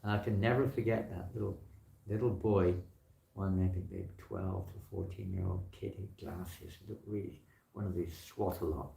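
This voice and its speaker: A man's voice: low voice, fairly even intonation, moderate pace, gravelly, warm tone. A man giving a chatty, anecdote-filled talk at a temple, telling stories in an easygoing way. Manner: anecdotal, chatty, acts out quoted people. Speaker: temple speaker. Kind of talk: informal spiritual talk. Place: temple hall. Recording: echoey temple hall.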